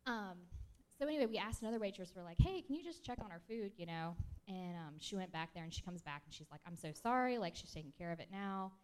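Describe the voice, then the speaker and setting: A woman's voice: on the low side, animated, fast, hardly any pauses. A shy, self-described introverted woman telling a rambling story at a church gathering, with many fillers and restarts, into a handheld mic. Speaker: church member sharing a testimony. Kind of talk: casual spoken testimony.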